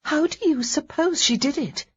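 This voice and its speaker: A woman voicing a stunned young lady who answers flatly in disbelief. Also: high voice, moderate pace, no echo, lo-fi sound, pitched above the performer's own voice, close to an everyday voice. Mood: dazed. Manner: flat, dazed.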